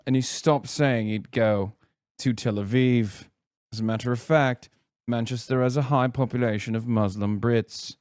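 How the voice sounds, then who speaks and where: A man's voice: medium pitch, normal speed, no echo. Sarcastic streamer guy ranting about politics, mid voice, dry mic, gets worked up. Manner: animated, sarcastic, exasperated asides; reads quotes aloud in a put-on accent. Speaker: political commentator. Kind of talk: casual streaming commentary.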